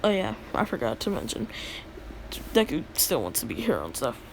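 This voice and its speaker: A woman's voice: low-pitched, huge pitch swings, brisk, a little hiss or hum. Rambling young woman telling a story. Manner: rambling, filler-heavy, laughs at own jokes. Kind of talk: casual fan-story retelling.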